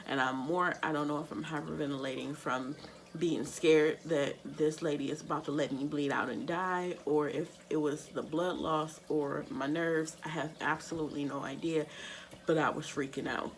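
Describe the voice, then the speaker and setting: A woman's voice: low voice, slight background noise, poor audio. A young woman candidly telling a personal story to camera as a vlogger, with lots of "like" fillers.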